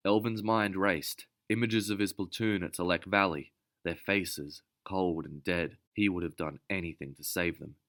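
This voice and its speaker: A male narrator with a very low voice that still carries a bright, forceful edge. He reads the scripted adventure tale steadily and measuredly, each sentence carefully paced. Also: fairly even intonation, moderate pace.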